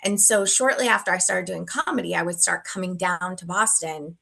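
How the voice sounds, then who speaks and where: Gravelly, bright-voiced woman comedian. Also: lowish voice. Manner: chatty, playful, quick to riff and joke. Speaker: stand-up comedian guest. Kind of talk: casual interview chat. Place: room with paintings.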